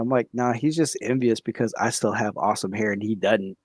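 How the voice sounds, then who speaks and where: A young man rambling through a comedic story on a podcast, stumbling over restarts and piling on fillers. His voice sits at a middle pitch, recorded close and dry with no room sound. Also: dry recording. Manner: halting, many restarts and 'like'. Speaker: podcast co-host.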